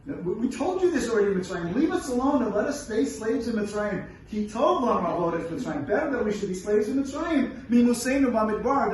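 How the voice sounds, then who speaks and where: Animated high-voiced rabbi in an echoey room. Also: male voice. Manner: animated, asks rhetorical questions, reads verses and translates them. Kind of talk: Torah lesson. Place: event room at a brunch. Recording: very echoey room from far off, faint noise.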